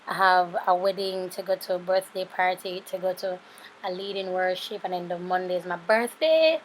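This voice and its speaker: A beauty vlogger in her thirties with a Jamaican accent sounds tired and sleepy as she chats casually over a makeup tutorial, wandering into rambling asides to her viewers. Her voice is lowish, her speed normal, with slight background noise.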